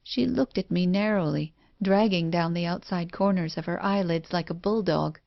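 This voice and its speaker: A woman reading a first-person horror story in a measured, even way. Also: lowish voice, gravelly, dry recording. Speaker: audiobook narrator. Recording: dull dry lo-fi recording.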